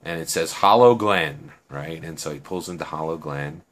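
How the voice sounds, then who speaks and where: A man's voice: a bass voice, moderate pace. A man telling a story casually, rambling with fillers and asking "right?" often.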